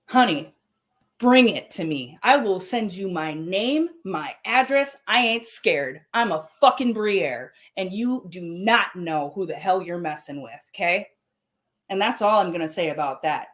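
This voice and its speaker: A woman's voice: on the low side, lively intonation, unhurried, a bit bright. A woman hosting a livestream, speaking in a heated, confrontational way and swearing often. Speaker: livestream host. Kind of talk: angry livestream address.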